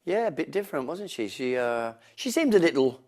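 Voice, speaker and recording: A man introducing the guests at a comic sketch birthday party, with wry, slow asides. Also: on the high side, big pitch swings, a little mellow.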